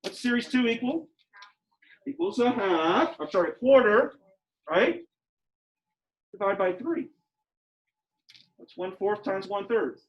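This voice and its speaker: A man teaching a geometry class. He talks in an animated, joking way and rises to near-shouting at times. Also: high-pitched, takes it slowly, pauses often. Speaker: high school geometry teacher. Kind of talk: classroom lecture.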